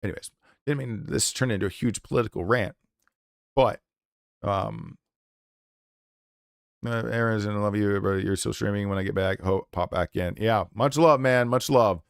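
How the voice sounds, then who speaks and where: A man's voice: on the low side, normal speed, vocal fry, pauses often, smooth, no echo, clean studio sound. A man streaming live, delivering an impassioned, profanity-laced rant in a blunt, unscripted way. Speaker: game streamer.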